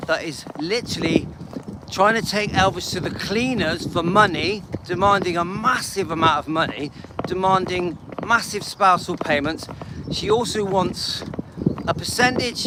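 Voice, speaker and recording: A man with an English accent hosting a walking vlog, out of breath and talking emphatically to his viewers. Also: sits high. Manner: emphatic, scornful asides to viewers. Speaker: channel host. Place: outdoors on a walk. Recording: loud wind and street noise outdoors.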